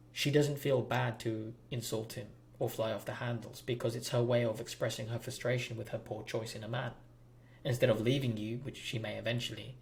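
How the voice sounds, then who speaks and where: A man's voice: mid-range voice, creaky, slight background noise. A man hosting a relationship advice talk, speaking bluntly and preachily straight to his viewers. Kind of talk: direct-to-camera advice monologue.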